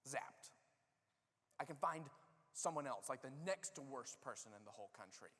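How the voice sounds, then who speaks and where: A pastor telling a story in a sermon, acting out the characters' lines with lively, casual energy. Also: male voice, medium pitch, normal speed, long reverb tail. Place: church sanctuary.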